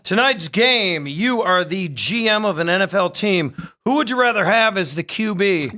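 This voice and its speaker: Wry, bright-voiced comedian guest. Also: male voice, high-pitched, animated, moderate pace. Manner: wry storytelling, self-mocking. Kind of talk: casual comedic chat. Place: sports betting studio.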